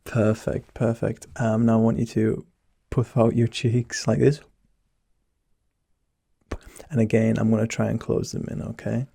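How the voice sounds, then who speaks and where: A soft, husky young man whispers his way through a role-play as a teasing doctor, his low voice gravelly-edged with a dark, mellow tone, close and dry on the mic. His delivery is flat and a little slow, with frequent pauses and no room sound.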